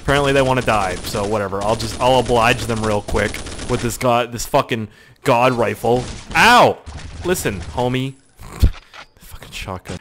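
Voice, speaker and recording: A man's voice: mid-range voice, moderate pace, slight background noise. A young man from Canada giving crude, joking gameplay commentary with lots of swearing. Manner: crude, joking, swears a lot, lively outbursts. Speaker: gaming YouTuber.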